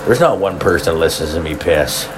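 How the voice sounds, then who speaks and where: A man's voice: low-pitched, expressive, a little fast, background noise. A man hosting a solo podcast from home, telling a profane, rambling story full of filler words. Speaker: podcast host.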